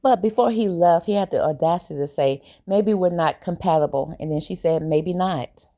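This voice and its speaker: A woman giving a casual, opinionated recap of a reality TV episode, animated and colloquial. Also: fairly low pitch, moderate pace. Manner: animated, opinionated, briefly acts out quoted lines; relaxed colloquial grammar.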